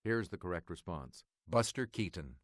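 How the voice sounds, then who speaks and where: Lively quiz show host man. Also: deep voice, background noise. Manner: crisp, measured announcer delivery. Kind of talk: reading quiz clues and answers.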